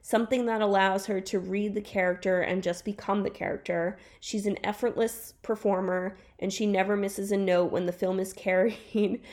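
A woman's voice: mid-range voice, steady tone, normal speed, hardly any pauses, a little mellow. A woman podcast co-host on a video call, reading a review aloud in a casual chat, stumbling and restarting over words and laughing easily.

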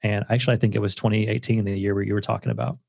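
An earnest man tells stories as a guest on an interview show, reflective and full of filler words. His low voice has a gravelly fry. The sound is close and dry, with no room around it. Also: level tone, very fast, darkish tone, dry recording. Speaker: guest author. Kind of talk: casual interview storytelling.

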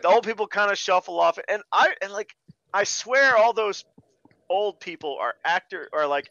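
A man with a bright, fairly high voice tears into a bad movie with exasperated, profane sarcasm. His pitch swings widely as he rants. The recording is dry and a little dull and lo-fi. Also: gravelly, dry recording. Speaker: podcast host. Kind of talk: casual movie review chat.

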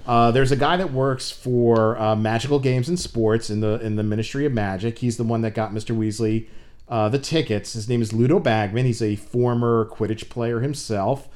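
An American man co-hosting a casual fan chat, rambling with frequent laughs and sudden jumps in pitch when excited. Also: moderate pace. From United States. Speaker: podcast co-host.

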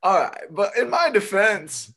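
A man's voice: high voice, big pitch swings, a little slow, a bit bright, slightly rough. A young man co-hosting a casual chat, laid-back and joking, laughing often. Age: young adult. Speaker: podcast co-host and stand-up comic.

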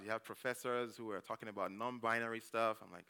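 A man's voice: fairly low pitch, steady tone, fast, sharp tone, smooth. A man, a church elder, preaching a conversational sermon, telling stories and often checking in with the congregation by asking "okay?". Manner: acts out his own quoted reactions.

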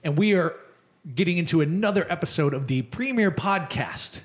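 A man's voice: high-pitched, animated, normal speed, soft background music. A man hosting a casual podcast, playful and teasing. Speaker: podcast host.

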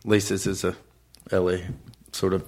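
A man's voice: sits low, flat delivery, measured pace, darkish tone. A middle-aged man from Los Angeles, a podcast guest talking casually in a laid-back way and laughing often.

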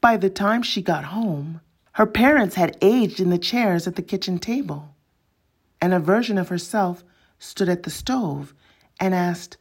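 Slow, breathy woman storyteller. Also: lowish voice. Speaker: narrator. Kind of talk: scripted literary narration.

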